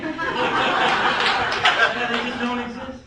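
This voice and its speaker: A man's voice: high voice, normal speed. A male stand-up comic at an open mic, telling wry stories with playful asides to the crowd. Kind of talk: stand-up comedy set. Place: comedy club at open mic night. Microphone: handheld stage mic. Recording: echoey club, far from the camera, noisy. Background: crowd laughter.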